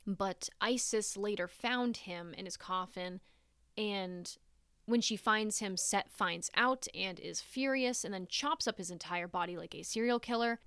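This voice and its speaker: A woman casually retelling old myths, irreverent and swearing, dropping into quick quoted voices for the gods. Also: mid-range voice, a bit bright, clear, resonant tone, dry recording, studio quality. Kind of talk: casual storytelling about mythology.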